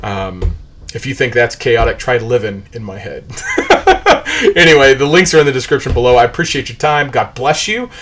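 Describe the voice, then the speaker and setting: A man's voice: mid-range voice, a little fast, noisy background. A middle-aged man hosting a livestream, mixing commentary with preaching in an emphatic, repetitive, rambling way. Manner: rambling, jumps between topics. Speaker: show host.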